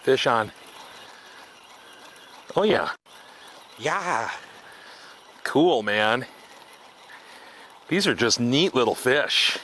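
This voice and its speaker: Speaking extremely slowly with long pauses, a man with a medium-pitched, very animated, sharp voice vlogs from the woods over a little hiss or hum. He fishes and cooks outdoors, chatting casually to camera and mocking himself, occasionally out of breath.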